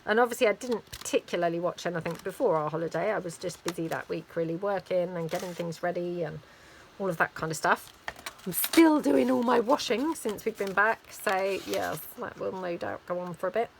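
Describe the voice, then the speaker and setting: A woman's voice: on the low side, a little fast, creaky, a little hiss or hum, poor audio. Chatty woman crafting. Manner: rambling, chatty, with many fillers. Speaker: craft vlogger. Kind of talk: casual chat while crafting.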